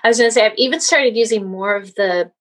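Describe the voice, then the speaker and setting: A woman's voice: a little high, fast, fairly bright tone. A woman being interviewed as a guest, chatting casually and reminiscing at length with plenty of fillers.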